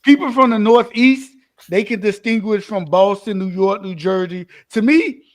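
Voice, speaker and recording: Man from Florida, high voice, dry sound, earnest, fast, repeats himself. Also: no echo. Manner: earnest, repetitive, quick-talking. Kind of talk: casual chat.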